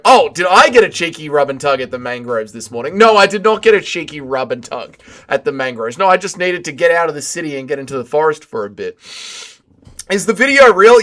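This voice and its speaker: A young man hosts a livestream, reading out viewer messages and answering in chummy, profane banter. His voice sits a little high and has a bright, forceful edge. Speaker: livestream host. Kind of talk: casual chat, reading viewer chat aloud.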